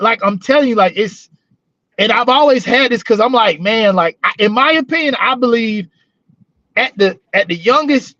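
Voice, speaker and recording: A former corrections officer co-hosting a casual talk show tells profane, rambling stories about that job in a high-pitched, slightly bright male voice. The recording is dry, with the highs cut off.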